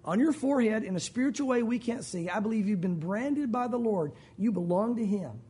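Husky-voiced man preaching earnestly. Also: high voice, expressive, a little fast, dark tone. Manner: earnest, addresses listeners as guys. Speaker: pastor. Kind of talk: sermon.

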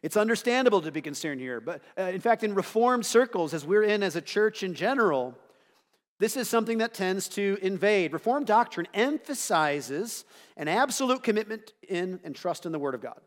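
A man's voice: sits high, a little fast. Man preaching in an echoing hall. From United States. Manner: animated, conversational preaching with rhetorical asides. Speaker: pastor. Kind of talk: sermon.

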